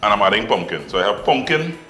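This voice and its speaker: A man's voice: fairly low pitch, sing-song, quick pace, pushed and bright, echoey room, soft background music. A man hosting a cooking show, chatting casually and laughing easily as he cooks.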